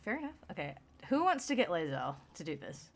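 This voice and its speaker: A man's voice: fairly high pitch, sing-song, a little fast, vocal fry, a bit bright. Rambling, self-mocking man from Texas. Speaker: streamer. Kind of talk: casual chat while gaming.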